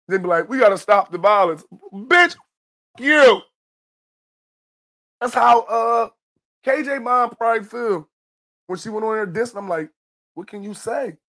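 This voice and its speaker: A young man with a Philadelphia accent hosting a profane news commentary show, animated and bursting into shouts. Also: high-pitched.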